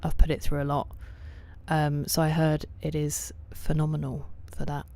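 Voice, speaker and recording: A woman with a low voice chats with her stream viewers from a home setup at night. She greets people by name and answers their comments, her tone often sinking to a soft half-whisper. The close mic keeps her mellow, relaxed timbre right up front. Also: normal speed. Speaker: livestreamer. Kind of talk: casual chat with viewers while gaming.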